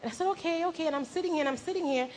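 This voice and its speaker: Young woman telling her church story, high voice, super animated, acts out what she said back then, faint hum behind. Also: rapid-fire. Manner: animated, acts out her own past words, laughs at herself. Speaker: church member giving testimony. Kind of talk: personal faith testimony. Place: church gathering.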